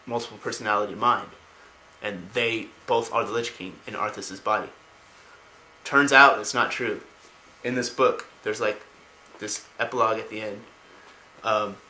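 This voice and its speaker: Excited, rambling man in an echoey room. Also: fairly low pitch, a little hiss or hum. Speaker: lore explainer. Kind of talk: casual retelling of a story. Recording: roomy home recording.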